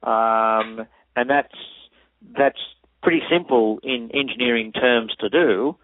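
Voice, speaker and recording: Man, measured, over a phone line. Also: medium pitch, a little hiss or hum. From Australia. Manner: methodical, measured, technical. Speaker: acoustic engineer guest. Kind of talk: interview, technical explanation.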